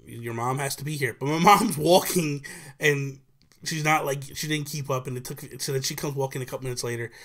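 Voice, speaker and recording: Male podcast guest in a relaxed chat, telling a story with plenty of fillers and voicing each person he quotes. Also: on the high side, fairly quick. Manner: animated storyteller acting out quotes, many fillers. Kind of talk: casual storytelling.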